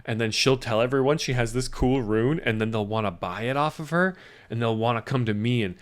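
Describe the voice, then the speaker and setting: A man's voice: mid-range voice, brisk, smooth, natural voice. A man voicing a smug, scheming male undead overlord who speaks in a sly, offhand salesman tone.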